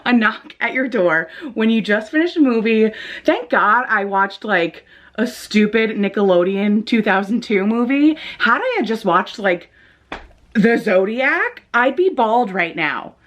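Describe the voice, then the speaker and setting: A young woman vlogging a storytime, animated and rattled, swearing freely and filling her talk with "like" and "um". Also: fairly high pitch, unhurried. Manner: animated, swearing, lots of fillers. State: shaken. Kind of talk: casual storytime vlog.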